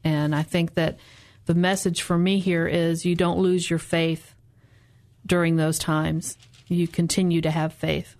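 A woman co-hosting a casual Bible study discussion, calm and reflective. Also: lowish voice, measured pace. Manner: calm and reflective, agreeing with short murmurs.

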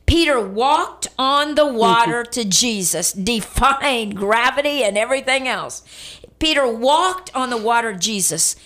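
Middle-aged lady preacher on the radio, fairly high voice, tells stories, repeats lines, gets listeners to say it back. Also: a bit bright. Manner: storytelling, emphatic, repeats lines for effect; calls on listeners to respond. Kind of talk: radio sermon.

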